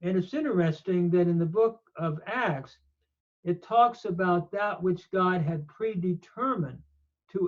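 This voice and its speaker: An older man teaches scripture at an unhurried pace, reading verses aloud and stressing key words. His voice sits fairly high for a man. The recording is dull and lo-fi. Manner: measured, emphatic, reads Hebrew aloud and explains each verse. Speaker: Bible teacher. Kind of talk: slow scripture lecture with Hebrew readings.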